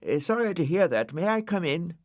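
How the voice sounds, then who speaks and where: An eager, chattering storybook snail in a voice pitched well up and a little loud, as a man puts him on. He rattles on keenly, and the sound is dry and close. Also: very animated, fairly quick, no echo.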